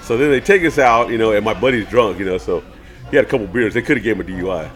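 A man's voice: fairly low pitch, very fast. Rambling slangy man telling stories. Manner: rambling, slangy, many restarts. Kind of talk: casual storytelling chat.

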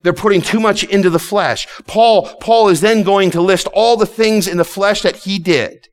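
A pastor preaching with fervent, driving repetition, his voice sitting noticeably high for a man. He often stammers and restarts lines as he builds his point, then hammers it home again. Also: moderate pace. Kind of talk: sermon.

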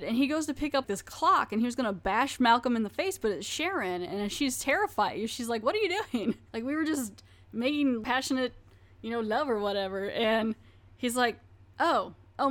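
A woman hosting a podcast, recapping a horror episode in an animated, chatty way, laughing and acting out the characters' lines. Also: fairly high pitch. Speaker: podcast host.

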